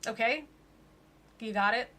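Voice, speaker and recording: A woman's voice: a little high, unhurried, pushed and bright. A woman voicing a pious old grandmother who is sugary, smug and preachy.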